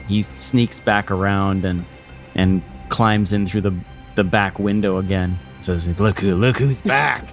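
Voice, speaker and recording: A man playing a tabletop game, talking casually and joking about his character. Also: on the low side. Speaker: player.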